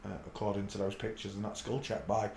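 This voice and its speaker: A man's voice: on the low side, completely flat delivery, fast, a little mellow, slight background noise. A man hosting a casual live stream, rambling and muttering to himself as he searches for clips. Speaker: channel host. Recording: echoey room.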